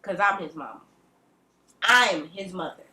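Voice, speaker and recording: A woman's voice: on the low side, unhurried, bright, forceful tone. Blunt, profane woman ranting at the camera. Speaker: vlogger. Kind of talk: ranting direct-to-camera vlog. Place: at home. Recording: echoey room.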